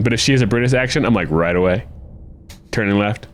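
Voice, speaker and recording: A man's voice: on the low side, quick pace. An American man co-hosting a video game let's play, chatting in a rambling, casual way. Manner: chatty, rambling with restarts and asides. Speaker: co-host of a gaming let's play. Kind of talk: casual chat while playing.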